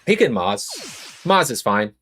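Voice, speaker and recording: A man's voice: medium pitch, sing-song, measured pace, fairly bright tone, slight background noise. A young Australian man streaming a card game, chatting casually with viewers and thinking aloud about his moves. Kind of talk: casual live-stream commentary while playing a card game.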